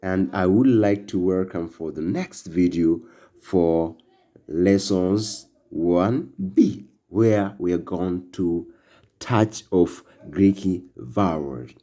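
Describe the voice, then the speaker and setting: Slow, low-voiced male language teacher. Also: warm tone. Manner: slow, halting delivery with fillers, drilling words for repetition. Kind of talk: classroom-style language lesson.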